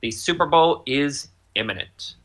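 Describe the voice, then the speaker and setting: A man's voice: fairly high pitch, animated, a little slow, fairly bright tone. A man co-hosting a casual podcast, joking and rambling, and breaking into silly voices now and then. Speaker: podcast co-host. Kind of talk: casual chat.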